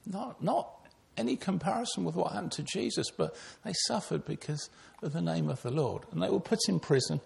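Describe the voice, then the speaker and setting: Gravelly older preacher. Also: male voice, a little high, a little fast, hardly any pauses. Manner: earnest, storytelling preacher, addressing children. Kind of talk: sermon.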